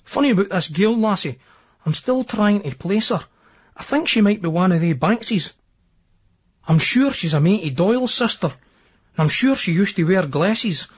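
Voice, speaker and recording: A man's voice: sits high, expressive, moderate pace, slightly rough. A man with a Scottish accent narrating a novel in the first person, in a brash, crude, swaggering voice. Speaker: audiobook narrator. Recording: dull lo-fi remastered old tape.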